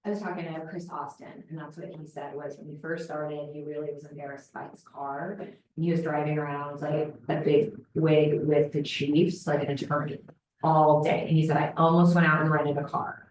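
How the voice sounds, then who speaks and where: Woman, low voice, class participant telling a chatty story, distant mic in a very echoey room with faint noise. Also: flat delivery, normal speed, dark tone. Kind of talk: casual classroom comment.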